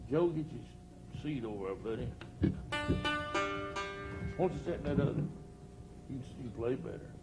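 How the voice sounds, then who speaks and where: A man's voice: mid-range voice, animated, moderate pace, over loud music. An older man, a country preacher telling rambling comic stories to a live audience and laughing at his own jokes. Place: outdoor church campground before a live audience.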